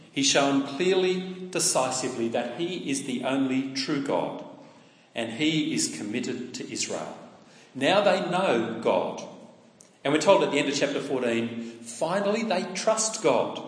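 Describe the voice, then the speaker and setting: Male preacher, chatty sermon full of rhetorical questions, mid-pitched, echoey church acoustics. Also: animated, unhurried. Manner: conversational, asks the listeners rhetorical questions. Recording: echoey hall with long reverb.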